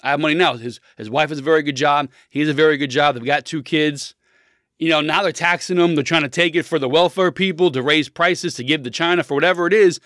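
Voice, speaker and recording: A man's voice: on the high side, fairly quick, a bit bright, no room sound, clean studio sound. A man in his thirties talking politics in a blunt, opinionated, rambling monologue, full of restarts.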